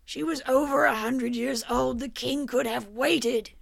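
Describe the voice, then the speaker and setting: A woman voicing an anguished male huntsman who loudly accuses his lady's killer. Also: sits high, unhurried, gravelly, dry recording, clean studio sound, pitched above the performer's own voice, full character voice. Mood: anguished anger. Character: grieving furious male huntsman, older lord.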